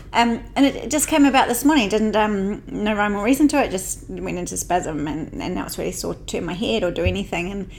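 A woman's voice: medium pitch, fairly quick, creaky, a little mellow, a little hiss or hum. A woman co-hosting a podcast in casual chat. She is chatty and self-mocking, and she laughs often while in neck and shoulder pain. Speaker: podcast co-host.

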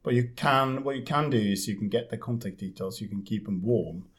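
A man's voice: on the low side, a little fast. A man co-hosting a casual podcast, giving advice in a loose, trailing way and teasing his co-host with dry banter.

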